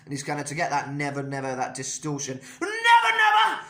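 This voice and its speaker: A man's voice: mid-range voice, flat delivery, fast talker, fairly bright tone. A young man giving a casual vocal lesson, talking loosely with self-mocking asides between demonstrations. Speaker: vocal coach.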